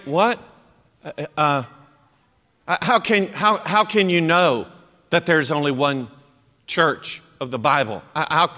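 A man preaching a sermon in an animated, emphatic way, acting out quoted voices as he goes. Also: a little high. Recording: long hall reverb.

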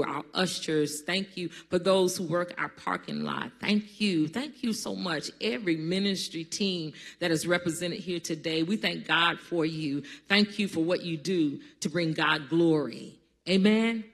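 Slow, bright-voiced preaching pastor. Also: medium pitch, creaky. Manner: call-and-response preaching, builds to loud emphatic peaks. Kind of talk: sermon. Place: church sanctuary.

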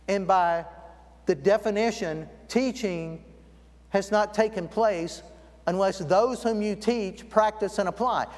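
Brief: male preacher, high voice, storytelling sermon, recorded in a church with a long reverb tail. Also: a little mellow. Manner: storytelling, slows down to stress key words. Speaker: guest preacher. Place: church sanctuary.

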